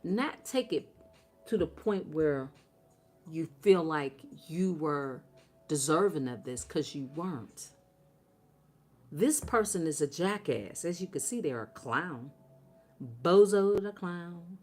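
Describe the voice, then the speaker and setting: Low-voiced woman giving a blunt tarot reading. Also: animated, slow pace, a little mellow, slightly rough, faint music behind. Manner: blunt, profane and emphatic; talks straight to her audience. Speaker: tarot reader. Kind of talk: tarot reading addressed to viewers.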